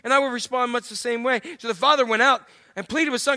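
A middle-aged male pastor delivers a sermon, swinging from hushed lines to loud acted-out shouts. His voice sits high and sounds bright. The sound is dry and close. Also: quick pace, no echo. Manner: animated storytelling, acts out the father's voice.

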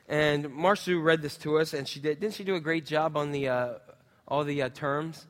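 A man's voice: fairly high pitch, fairly even intonation, normal speed. A man pastor giving a casual, joking sermon to his congregation, with many fillers and asides to the crowd. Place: church hall. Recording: reverberant hall.

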